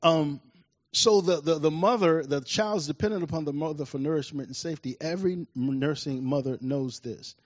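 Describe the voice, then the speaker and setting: A man preaches a sermon with a slightly high voice, growing animated and loud as he tells his stories. The sound is dry and a little muffled, with no room echo. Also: fairly quick. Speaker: pastor.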